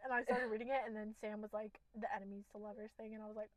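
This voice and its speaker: A woman's voice: medium pitch, flat delivery, rapid-fire, no echo, rough recording. A young woman co-hosting a podcast, chatting casually and teasingly about books, often laughing. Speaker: podcast co-host. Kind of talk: casual book chat.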